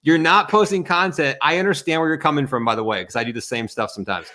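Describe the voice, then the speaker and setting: A man's voice: on the high side, fast talker, sharp tone. A man, a guest on a live stream, giving a fired-up motivational talk that bluntly calls out excuses over a video call.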